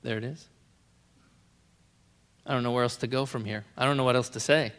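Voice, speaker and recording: A man preaching a sermon in an earnest way, repeating key phrases and letting his sentences fall to soft endings. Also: mid-range voice, fairly even intonation, rapid-fire, smooth, long reverb tail.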